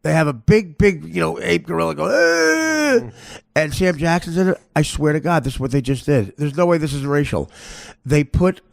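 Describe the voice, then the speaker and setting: A man's voice: fairly high pitch, a little fast, vocal fry, a little mellow, dry recording, clean studio sound. A man hosting a podcast, telling crude comic stories in a rambling, stammering way and laughing at his own jokes. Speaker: podcast host. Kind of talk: crude comedic storytelling.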